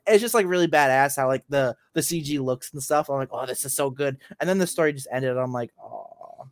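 A man co-hosts a casual podcast on games and anime, speaking fast at a medium pitch. He rambles, using lots of fillers and frequently restarting his sentences.

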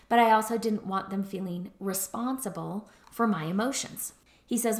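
A middle-aged woman therapist explains things in a casual, conversational lecture, her medium-pitched voice often checking in with "right?" and "like." The sound is reverberant.

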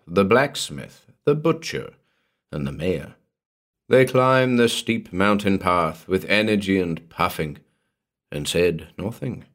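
A male podcast narrator reading a vintage weird tale with a measured, dramatic delivery. His voice sits low and moves at an unhurried pace. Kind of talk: scripted horror story narration.

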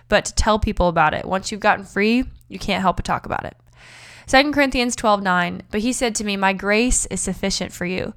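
A woman's voice: mid-range voice, fairly bright tone, clear, resonant tone. A young woman hosting a faith-based motivational podcast, chatty and upbeat with preacher-like emphasis. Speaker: podcast host.

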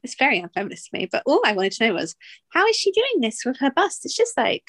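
A woman's voice: sits high, wildly swooping pitch, fast, fairly bright tone, no echo. A woman co-hosting a podcast in giggly, chatty casual conversation. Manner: giggly, chatty, frequent laughter. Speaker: podcast co-host. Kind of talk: casual chat.

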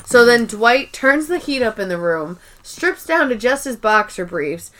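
A woman co-hosting a sibling podcast, retelling episode scenes in a casual, animated way and casually swearing. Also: on the high side, measured pace. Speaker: podcast co-host. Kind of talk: casual recap chat.

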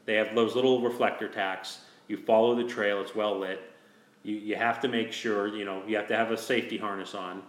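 Man, lowish voice, casual rambling storyteller, roomy echo. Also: little pitch movement, fairly quick. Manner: rambling, with many restarts and "you know". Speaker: host telling a hunting story.

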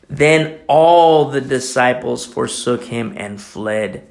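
A man preaching a sermon, animated, acting out little dialogues as he teaches. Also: medium pitch. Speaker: pastor.

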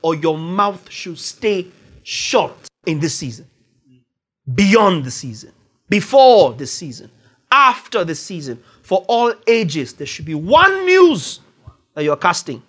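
Male preacher, sermon, husky tone, animated pitch, emphatic stretched words. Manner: emphatic, drawn-out stresses and rising exclamations.

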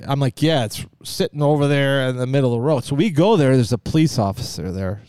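A man co-hosting a podcast, telling a rambling, profane story with laughs, loud outbursts and mumbled asides. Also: mid-range voice, fast, hardly any pauses, clean tone, no room sound, studio quality. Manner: animated, swearing, laughing storyteller. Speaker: podcast co-host. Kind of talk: casual storytelling chat.

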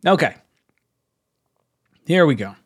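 A young man hosting a casual fan livestream, excitable, laughing often and reading chat messages aloud. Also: a little high, slow pace, slightly rough. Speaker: livestream host.

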